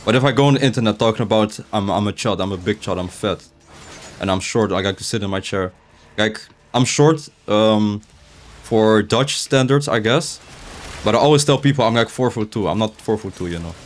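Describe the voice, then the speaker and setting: A man's voice: fairly low pitch, moderate pace. Rambling young man gaming, speech slightly unclear. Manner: rambling, frequent restarts and filler words. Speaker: gaming streamer. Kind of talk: casual gameplay commentary. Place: his room, seated in a chair.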